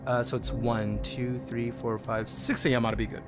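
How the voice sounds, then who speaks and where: A man's voice: mid-range voice, little pitch movement, moderate pace, over music. A man streaming a modded game, chatting casually with viewers and reading their chat messages aloud.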